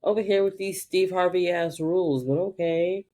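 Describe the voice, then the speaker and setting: Podcast co-host, woman, lower voice, casual animated recap delivery. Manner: animated, acts out characters' lines in quick voices. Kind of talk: casual chat recapping a TV episode.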